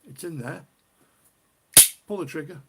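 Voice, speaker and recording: A man's voice: a little high, a little slow, gravelly, heavy background noise. A middle-aged man from the UK hosting a casual beer live stream, chatty and rambling, often repeating himself. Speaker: beer livestream host.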